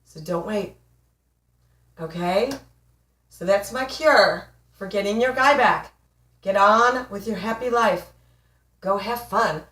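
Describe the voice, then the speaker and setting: A woman's voice: mid-range voice, slow pace, pauses often, a bit bright, distant mic. A woman in her forties, a relationship coach giving an emphatic, playful motivational talk to camera. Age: 40s. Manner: emphatic, playful, laughs often. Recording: echoey room, voice off mic.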